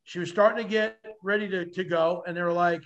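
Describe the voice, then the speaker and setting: A man guesting on a podcast, telling animated stories with vivid, salty language and acting out the voices of others. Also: sits high, fairly quick, muffled recording, slight background noise. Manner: vivid, acts out quoted voices, swears freely. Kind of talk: animated storytelling.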